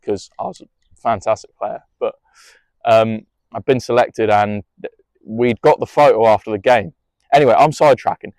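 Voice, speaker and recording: A man's voice: mid-range voice, a little mellow, no room sound, studio quality. A young man tells a personal story in a rambling, emotional way, swearing freely and restarting often.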